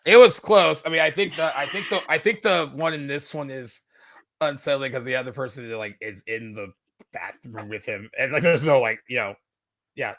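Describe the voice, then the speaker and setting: In a casual film review chat, this male podcast co-host talks at a moderate pace with a mid-range, fairly bright voice. His speech wanders, full of fillers and false starts, and the recording has no echo.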